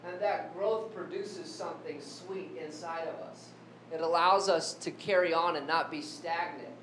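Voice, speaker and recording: A man's voice: fairly even intonation, moderate pace, a bit bright. A man preaching a sermon who keeps asking the congregation questions. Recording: echoey room with faint rumble.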